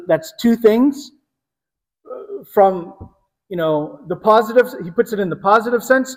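A man preaching a sermon, teaching earnestly with slow, emphatic phrasing. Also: high-pitched, big-room sound. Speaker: pastor.

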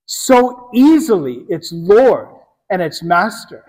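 A man preaching a sermon, teaching earnestly with slow, emphatic phrasing. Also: sits high, big pitch swings, darkish tone, long reverb tail. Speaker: pastor.

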